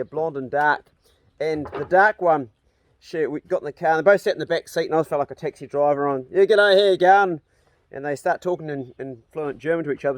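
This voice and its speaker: Animated New man, fairly high voice. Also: no echo. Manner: animated yarn-spinning with swearing. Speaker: host. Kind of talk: casual chat.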